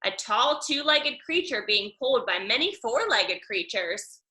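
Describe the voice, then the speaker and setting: A woman reading a children's picture book aloud, slow and expressive, with sound effects. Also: fairly high pitch. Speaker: storybook reader. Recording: echoey room.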